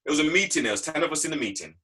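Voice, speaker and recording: A man's voice: a little high, lively intonation, rapid-fire, pushed and bright, slightly rough, low-quality recording. A man giving a motivational talk, telling stories from his working life in an emphatic, repetitive way. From England. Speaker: guest speaker. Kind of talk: motivational talk on a video call.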